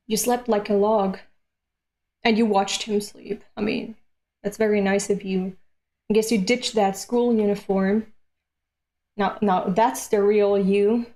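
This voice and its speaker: A woman from Europe streaming a manga read-along, reacting aloud with animated, profane rants. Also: medium pitch, a little slow, long pauses. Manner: animated, swears freely, rants at the page.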